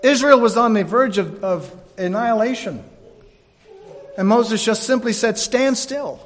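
Preacher guy, pretty high voice, goes loud then real quiet, lots of hall echo. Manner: dramatic, swings between loud emphasis and hushed slow delivery. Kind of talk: sermon.

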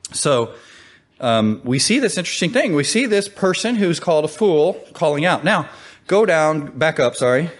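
Animated and conversational, a male preacher gives a sermon in which he frequently questions the audience. When stressing quoted calls, his voice rises in pitch.

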